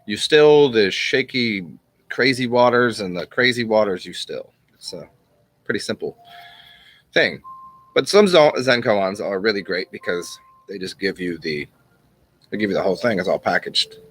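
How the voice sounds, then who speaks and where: Low-voiced man musing on old parables. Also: lively intonation, fairly bright tone, dry recording. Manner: rambling and unhurried, with restarts and chuckles. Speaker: channel host. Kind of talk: casual spoken teaching and storytelling.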